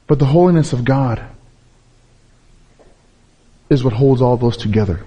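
A man preaching a sermon, stressing key words by repeating them and dropping low and slow on important points. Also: warm tone.

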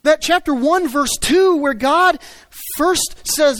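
A man preaching a sermon, swinging between loud emphatic stresses and low quiet asides. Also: slow, dry recording. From United States. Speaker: pastor.

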